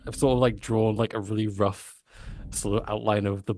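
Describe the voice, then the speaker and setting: A man's voice: lowish voice, little pitch movement, normal speed, darkish tone, no echo. A man playing a tabletop game who talks hesitantly, with laughing asides. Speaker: player. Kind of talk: casual tabletop play.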